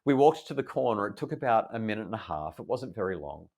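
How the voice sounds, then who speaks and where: A middle-aged Australian man, a parenting expert, calmly and earnestly telling a family story in an interview. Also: fairly low pitch. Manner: calm, earnest, measured retelling.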